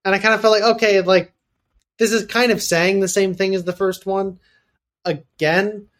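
A man co-hosting a podcast in casual chat, thoughtful and hesitant with pauses. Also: sits high, steady tone, fairly bright tone. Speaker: podcast co-host.

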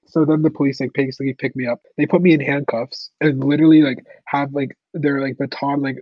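Husky young guy telling his story on a podcast, says like a lot, dry muffled audio. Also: mid-range voice, fairly even intonation, brisk, no echo. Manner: casual, heavy use of "like" fillers. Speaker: podcast guest. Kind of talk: personal storytelling interview.

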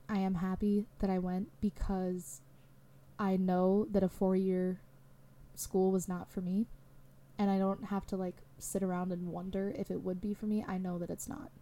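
Hosting her podcast alone, this young woman rambles openly and leans heavily on filler words. Her voice sits at a medium pitch with a dark tone.

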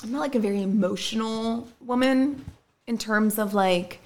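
A woman's voice: a little high, normal speed. A woman in casual chat, telling a dating story bluntly and animatedly, with swearing and quoted voices.

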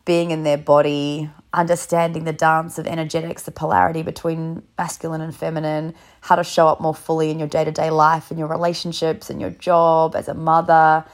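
Low-voiced sick woman hosting a podcast. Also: completely flat delivery, a little fast, hardly any pauses. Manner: upbeat, swears freely. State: sick, close to losing her voice. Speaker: podcast host. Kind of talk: casual solo podcast intro. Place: in bed at home.

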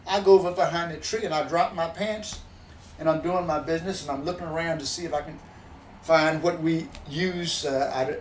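A man from the backwoods telling a folksy story in an animated, plainspoken way, often restarting mid-sentence. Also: on the high side, moderate pace, echoey room, far from the mic, a little hiss or hum, rough recording. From backwoods countryside.

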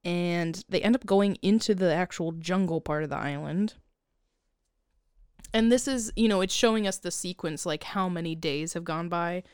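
A woman's voice: on the low side, moderate pace, darkish tone, clean tone, no room sound, studio quality. A woman co-hosting a podcast, rambling through a film's plot in casual chat. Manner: rambling, chatty plot recap with frequent laughs. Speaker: podcast co-host.

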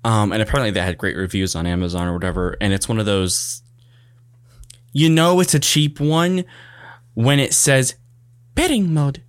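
A man's voice: lowish voice, normal speed, long pauses, no echo, studio quality. A man co-hosting a casual tech podcast, easygoing and rambling as he talks about gadgets and deals. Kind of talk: casual tech news chat.

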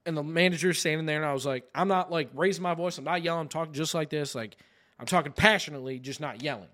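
A man's voice: on the high side, fast talker, bright, forceful tone. A man, a podcast co-host telling a story in casual chat, with a profane, exasperated delivery.

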